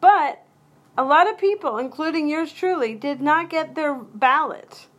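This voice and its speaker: A woman's voice: sits high, measured pace, fairly bright tone. Rambling, chatty woman podcast host. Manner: rambling, interrupts herself, chatty asides. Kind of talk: casual solo podcast talk.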